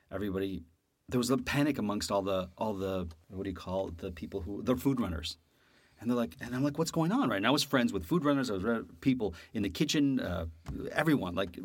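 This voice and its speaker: A Canadian man hosting a casual chat, quick to chime in with encouragement and stories of his own. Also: on the low side, dry recording. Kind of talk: casual conversation.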